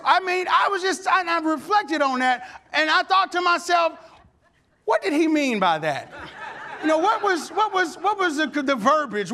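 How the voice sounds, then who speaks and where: A married man preaching a sermon, telling a funny personal story that builds into animated, shouted calls to worship. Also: very high voice.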